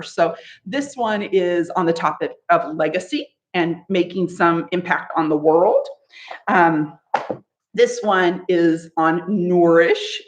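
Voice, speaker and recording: A woman leading a live online laughter yoga session, playful and laughing often, chanting ho ho ha ha between tips. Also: fairly low pitch. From United States.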